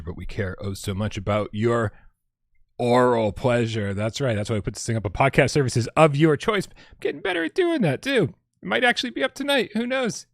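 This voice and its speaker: A man's voice: mid-range voice, animated, moderate pace, no room sound, studio quality. A man co-hosting a casual gaming podcast, joking around and rambling with restarts. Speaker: co-host.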